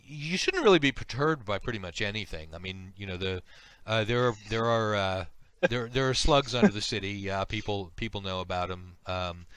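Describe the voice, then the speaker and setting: A man running a tabletop role-playing game as game master, hesitant and halting as he describes the scene. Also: fairly low pitch, fairly bright tone, clean tone, dry recording. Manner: hesitant, many ums and repeated starts.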